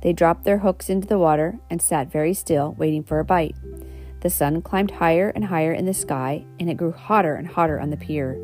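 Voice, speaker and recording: A woman's voice: low voice, fairly quick, a little mellow, faint music behind. A woman reading a children's storybook aloud, with homely asides and self-corrections. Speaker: reader.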